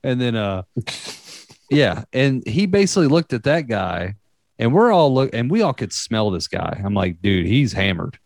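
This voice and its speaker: A man's voice: mid-range voice, very animated, unhurried, vocal fry, darkish tone, no echo. A young man telling a story in casual chat, rambling and profane, with many fillers.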